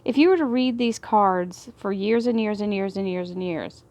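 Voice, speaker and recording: A woman with a Texas Southern drawl giving a tarot card reading. She talks effusively, bursts into excited laughter and drops into hushed prayers. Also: medium pitch, moderate pace. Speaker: tarot reader.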